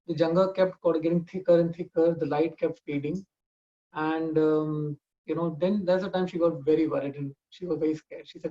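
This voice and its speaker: A man's voice: on the high side, steady tone, moderate pace, mellow, lo-fi sound. Man telling a family story. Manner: conversational, frequent "you know" and restarts.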